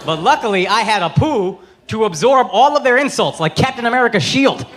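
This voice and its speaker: A brash man in his thirties works a stand-up crowd with a high, lively voice that jumps all over. He swears freely and punches out his lines. Loud laughter and cheering from the audience roll behind him on a live club recording. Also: a little fast, background noise. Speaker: stand-up comedian. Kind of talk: stand-up comedy set. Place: comedy club stage before a laughing audience.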